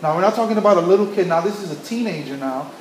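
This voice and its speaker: A man's voice: sits high, animated, racing, a little hiss or hum. A man preaching a sermon as a pastor, telling stories earnestly with frequent restarts and repeated phrases. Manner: earnest storytelling with many restarts and repetitions. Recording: echoey room.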